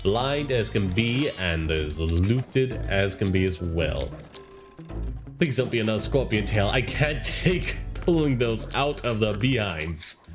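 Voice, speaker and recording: A man streaming a game, chatting casually and wryly, quick to rant about what annoys him. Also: fairly low pitch, lively intonation. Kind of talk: casual gameplay commentary. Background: game music.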